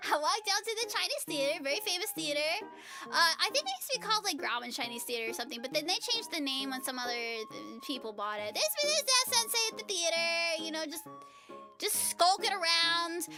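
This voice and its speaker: A woman with a very high, bright-toned voice narrates her travel vlog. Her pitch bounces widely as she rambles through asides, fillers and jokes in a casual, chatty way. Music plays clearly underneath her voice-over. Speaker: travel vlogger.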